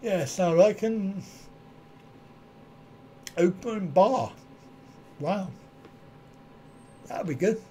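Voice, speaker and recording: A man's voice: high voice, very slow, pauses often, dark tone, slight background noise. A middle-aged man hosting a live stream, chatting casually in reply to viewer comments and often chuckling at his own wry, self-mocking asides. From United Kingdom.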